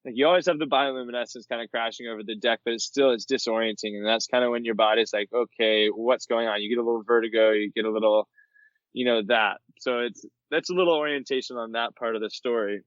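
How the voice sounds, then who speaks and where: A man from Florida, a podcast guest, telling travel stories in a lively way and acting out the people he quotes. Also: fast talker, no room sound. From Florida, USA. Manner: animated storyteller, acts out quoted people in a higher voice. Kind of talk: storytelling interview. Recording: dull, dry podcast mic.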